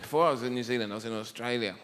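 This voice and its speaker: A man's voice: mid-range voice, racing, heavy background noise. A man from England, telling stories in a wry stand-up routine. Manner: wry, storytelling. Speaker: stand-up comedian.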